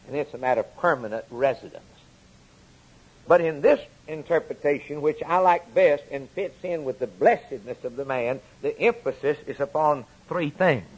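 Male preacher, husky, slightly high voice, emphatic repetitive sermon cadence. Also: poor audio.

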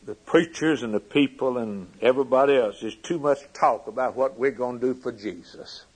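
A man preaching a sermon with fervent delivery, swinging from loud emphasis to hushed lines. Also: medium pitch, moderate pace, breathy edge, rough recording.

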